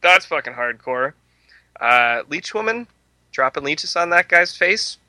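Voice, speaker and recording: A man's voice: a little high, lively intonation, a little slow, bright, forceful tone, no room sound, rough recording. A man casually reviewing a horror movie on a podcast, crude and joking, laughing often. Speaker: podcast host.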